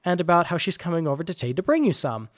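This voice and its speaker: A man's voice: a little high, big pitch swings, quick pace, pitched above the performer's own voice. A man voicing a sly young man who teases his friend in a playful way. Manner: sly, teasing.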